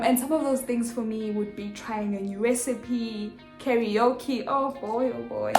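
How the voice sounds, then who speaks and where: Woman, young adult, expressive storyteller, slightly high voice, echoey room. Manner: animated, expressive, acts out dialogue. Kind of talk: casual storytelling vlog. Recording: echoey room with faint music.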